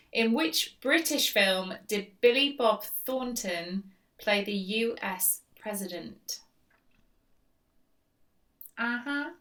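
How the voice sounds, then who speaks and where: Woman running a stream quiz, bright voice, kinda far from the mic, takes her time. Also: mid-range voice. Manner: chatty, teasing, reads questions slowly and repeats them. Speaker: quiz host. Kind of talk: live-stream quiz hosting. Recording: voice distant from the mic.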